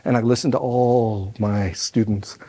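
A man performing a dramatic personal story on stage, a literacy professor who swings between loud and hushed. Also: fairly low pitch, fairly even intonation, a little slow. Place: lecture hall stage.

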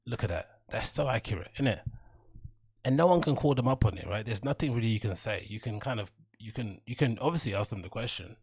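A man's voice: fairly low pitch, animated, quick pace, a little mellow, husky, dry recording, studio quality. A man hosting a podcast, rambling casually with a laugh and mock-polite asides. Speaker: podcast host.

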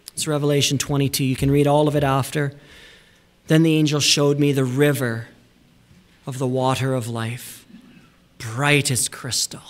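A man pastor preaching a sermon in a church, emphatic, sometimes dropping to hushed asides and repeating words for emphasis. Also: on the high side. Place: church sanctuary.

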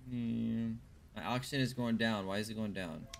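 A man's voice: on the low side, quick pace, slight background noise. A man casually commenting while he plays a video game and chats with viewers, thinking aloud as he goes. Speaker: streamer.

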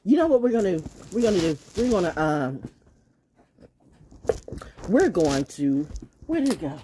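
A woman vlogging in a casual livestream monologue, blunt and swearing, laughing often and swinging from loud shouting to low muttering. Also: very animated, moderate pace, a little hiss or hum. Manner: blunt, swears, trash-talking.

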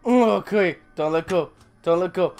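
A hoarse gaming host losing their voice, swearing and cheering through casual gameplay commentary at home. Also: medium pitch, moderate pace, darkish tone, faint music behind. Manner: profane, talks to the game, grunts and cheers while playing. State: hoarse, voice giving out from sickness.

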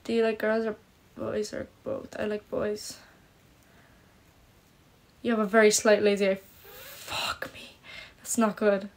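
Speaking a little slowly with vocal fry and long pauses, this young woman keeps a level tone at medium pitch. She lives in Ireland, has Polish parents, and is chatting on a phone livestream captured by the phone camera, reading comments, fretting, and self-consciously using lots of "like".

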